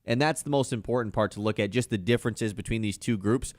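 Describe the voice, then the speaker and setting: A man's voice: fairly low pitch, fast talker, darkish tone, no echo, clean studio sound. A man hosting a sports talk radio show, chatting casually and with animation about basketball. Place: radio studio.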